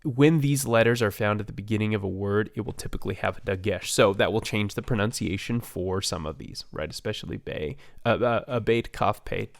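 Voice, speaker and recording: A man teaching a recorded language lesson, explaining slowly with many fillers and restarts. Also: fairly low pitch, gravelly, dry recording. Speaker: Hebrew teacher.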